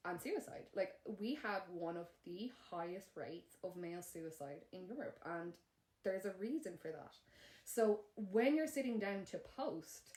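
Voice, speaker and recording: A woman's voice: lowish voice, darkish tone. A young Irish woman co-hosting a podcast in casual chat, blunt and swearing freely. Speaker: podcast co-host. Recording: roomy echo.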